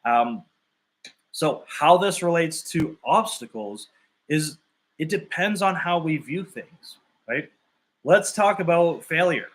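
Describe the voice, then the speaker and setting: A man's voice: a little high, sharp tone. A man coaching clients on fitness and nutrition in a live talk. He explains his points through long hypothetical examples in a loose, conversational way. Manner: loose and conversational, thinking aloud.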